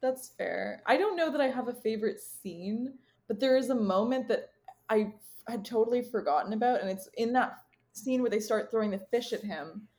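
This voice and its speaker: A woman's voice: a little high, expressive, moderate pace, darkish tone. A woman co-hosting a casual podcast, talking enthusiastically and laughing often. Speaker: podcast co-host. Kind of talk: casual film chat.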